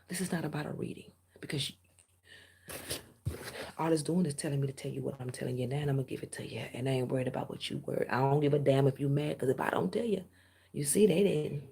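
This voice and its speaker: Addressing her viewers directly, this woman reads tarot in a blunt, preachy way, frequently lowering to half-whispers. Her very husky, gravelly voice sits on the low side and sounds animated and dark, moving a little fast with frequent pauses.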